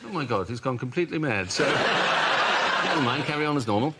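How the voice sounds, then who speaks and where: A man's voice: mid-range voice, lively intonation, a little fast, a loud crowd, natural voice. A man doing a flustered posh prime minister. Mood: wheedling. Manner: flustered, rambling politeness. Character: bumbling posh British prime minister, middle-aged man. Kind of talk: comedy sketch impression. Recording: noisy recording.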